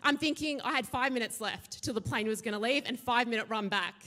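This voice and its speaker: A woman, a pastor giving a sermon and telling a lively personal story. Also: on the high side, fast. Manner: animated storytelling, acts out her own shouting.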